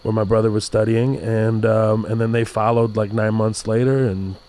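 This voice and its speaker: A man from Texas, a comedian guest in a casual podcast chat, talking in an animated way, laughing often and slipping into put-on accents. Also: on the low side, moderate pace. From Texas, USA.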